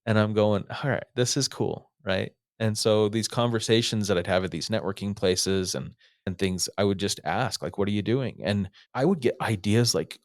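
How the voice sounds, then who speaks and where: A middle-aged man, a podcast guest, telling stories in a lively way and acting out what people said. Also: on the low side, moderate pace, dry recording, studio quality. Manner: animated storyteller, acts out quotes. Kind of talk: casual storytelling interview.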